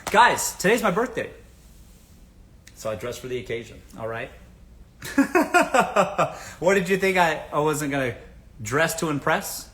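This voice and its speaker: A man's voice: a little high, big pitch swings, unhurried, pauses often, fairly bright tone. A man from the American South hosting a casual livestream, giving blunt dating advice, swearing freely and asking the audience rhetorical questions.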